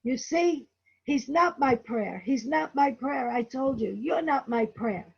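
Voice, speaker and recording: A woman's voice: high-pitched, lively intonation, unhurried, vocal fry, slightly rough, dull audio, heavily acted. A woman reading out the accusing lines of a bitter, jealous husband from a novel.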